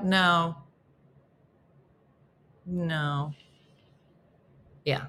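A woman's voice: lowish voice, expressive, normal speed, pauses often, sharp tone. A woman hosting a morning show, telling a story in casual chat and acting out both sides of phone calls with big jumps in her voice.

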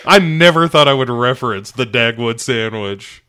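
An American man talks movies in a loose, rambling way, wry and quick to laugh. His voice sits at an ordinary middle pitch, relaxed and conversational. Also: clean tone. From United States. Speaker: podcast co-host. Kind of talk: casual chat about movies.

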